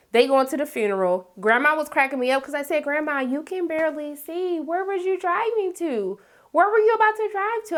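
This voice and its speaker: Sassy, animated woman recapping a show. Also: a little high. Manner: sassy, dramatic, talks straight to viewers with repeated "okay?". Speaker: TV recap host.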